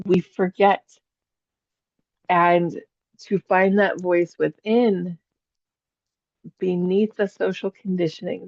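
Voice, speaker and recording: A woman's voice: fairly low pitch, a little mellow, dry recording. Chatty woman teaching, dull dry sound. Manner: chatty storyteller, laughs often. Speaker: psychic and spiritual teacher. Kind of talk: teaching an online class.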